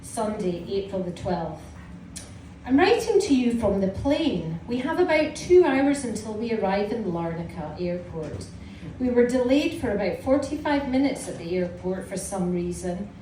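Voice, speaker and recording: A woman's voice: medium pitch, very animated, moderate pace, warm tone. A Scottish woman in her forties reading aloud from her teenage diary to a live audience, with a wry, amused storytelling manner. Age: 40s. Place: small indoor live venue. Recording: roomy, distant mic with audience noise.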